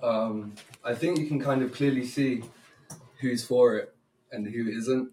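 A man in casual chat as a podcast guest, relaxed and slangy with many ums. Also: mid-range voice, measured pace, recorded from a distance. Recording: roomy and off-mic with faint noise.

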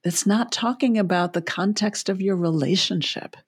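A woman's voice: mid-range voice, moderate pace, breathy edge, no room sound. A woman child psychologist is a guest on a podcast interview. She lays out her points with homely analogies and chuckles between them. Her voice sits in the middle of the range and is recorded close and dry.

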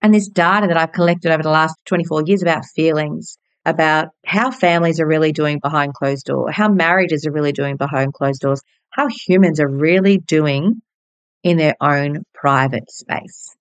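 An Australian woman in her forties talks through her own stories, bubbly and frank, dropping the odd swear word. Her voice sits fairly low, and the recording is close and dry. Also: normal speed, clean tone, dry recording. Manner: bubbly and candid, swears casually. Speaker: podcast host and hairdresser. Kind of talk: personal storytelling monologue.

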